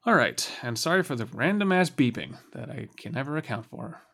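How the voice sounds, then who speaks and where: A man's voice: medium pitch, sing-song, fairly quick, gravelly, fairly bright tone. Joking man reading a story aloud. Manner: joking, laughs easily. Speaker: co-host and reader. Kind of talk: casual banter while reading a novel aloud.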